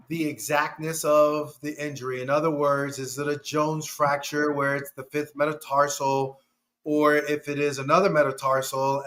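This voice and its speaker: A man with a fairly high, bright, clear voice talks unhurriedly on a sports podcast. He works through his analysis step by step, numbering his points. His tone is casual but careful. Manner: measured, methodical, lists points one by one. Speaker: podcast co-host, injury analyst.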